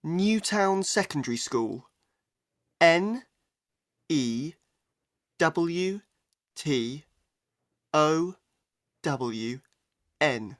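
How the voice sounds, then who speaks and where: A woman's voice: deep voice, lively intonation, drawn-out words, pauses often, no room sound, studio quality, full character voice. A woman with a British accent playing a teenage girl who gives her details and spells them out letter by letter in a scripted coursebook dialogue. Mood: plain. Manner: plain, spells out letters one by one.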